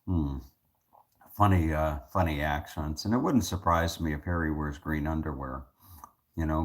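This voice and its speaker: A man talking casually to his viewers in a rambling monologue, with many restarts, repeated words and joking asides. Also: rumbling low. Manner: joking, self-amused asides. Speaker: vlogger.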